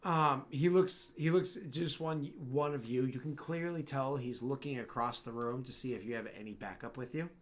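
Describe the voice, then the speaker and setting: A hoarse male game master narrating a tabletop role-playing game at a mid-range pitch. His voice cracks a little, and he rambles on with plenty of fillers. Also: normal speed, few pauses.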